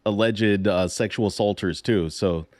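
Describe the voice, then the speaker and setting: A man's voice: fairly low pitch, normal speed, no room sound. A man co-hosting a casual music podcast, giving blunt opinions with hesitant restarts. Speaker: podcast co-host. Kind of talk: casual chat.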